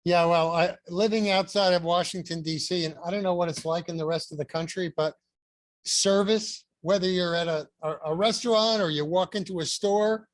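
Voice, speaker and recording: A man's voice: high-pitched, moderate pace, no echo. A man hosting a group video call, casually asking questions and steering who talks next. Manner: casual, short affirmations, relaxed prompting. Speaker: host.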